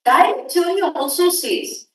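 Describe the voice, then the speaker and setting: A high-voiced woman with an Indian English accent teaches a workshop, emphatic and quick to quiz her listeners. Her voice carries through a big, echoing hall and is picked up from some way off the mic. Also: expressive, a bit bright. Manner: emphatic, questions the audience directly. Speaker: workshop lecturer. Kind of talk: academic workshop lecture. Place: conference hall. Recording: echoey hall, distant mic.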